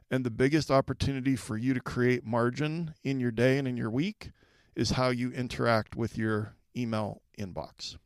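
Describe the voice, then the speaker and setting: A man's voice: mid-range voice, no echo. Male podcast host, solo, conversational, mid-range voice, dry untreated sound. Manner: conversational, asks listeners direct questions. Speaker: podcast host and school leadership coach.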